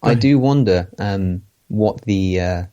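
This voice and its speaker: A man with an English accent, a guest in a casual interview, talking thoughtfully and pausing often with ums. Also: on the low side, warm tone, muffled recording.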